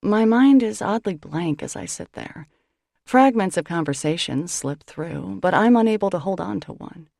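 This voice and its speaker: A woman narrating a novel in the first person with expressive storytelling on a close studio microphone. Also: on the low side, moderate pace, gravelly, no room sound. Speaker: audiobook narrator.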